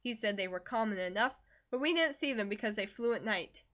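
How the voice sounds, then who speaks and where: A woman voicing a talkative young man who is recovering from a fever, brisk and jovial, in an audiobook reading. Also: mid-range voice, animated, fairly bright tone, dull audio, close to an everyday voice.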